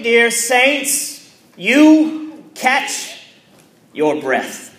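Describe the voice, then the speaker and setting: Pastor, male, high-pitched, slow deliberate sermon delivery in a roomy church. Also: expressive. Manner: measured preaching with repeated phrases and pauses.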